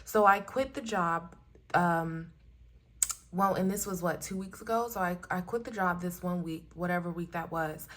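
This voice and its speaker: A young adult woman speaks straight to her viewers in a casual spiritual card reading. She talks in an earnest, affirming way, and she grows animated and emotional as she goes. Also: fairly low pitch, moderate pace. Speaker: oracle card reader.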